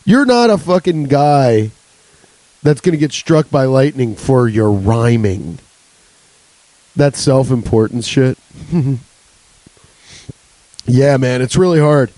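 A man's voice: medium pitch, animated, slow, pauses often, dark tone, dry recording, poor audio. A young adult man hosting a solo comedy podcast, rambling and swearing with laughs between jokes. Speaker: podcast host.

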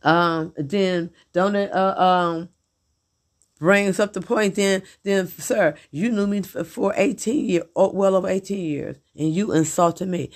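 A woman's voice: on the low side, a little slow. A middle-aged woman venting in a blunt, profane, repetitive monologue about her husband. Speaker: vlogger.

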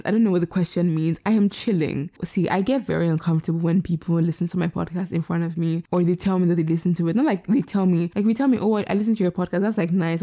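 A young woman talks through her solo podcast late at night, candid and rambling, with a tired edge. Her voice is low, mellow and gravelly with plenty of fry. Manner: rambling, candid, self-deprecating. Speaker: podcast host. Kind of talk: casual solo podcast chat. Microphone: laptop setup.

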